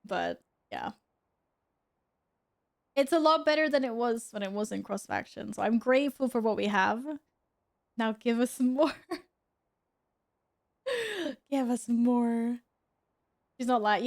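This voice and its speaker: A woman's voice: on the high side, big pitch swings, normal speed, vocal fry, pauses often. A young woman chatting casually with her viewers while gaming at home, giggling and talking to her cat. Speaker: streamer. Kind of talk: casual gaming stream chat.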